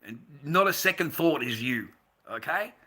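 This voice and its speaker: A middle-aged man talks straight to his livestream audience, blunt and profane, circling back on himself with stammered restarts. His voice is very bright and sharp-edged. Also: on the high side, animated, normal speed, husky. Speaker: livestream host. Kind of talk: casual livestream rant.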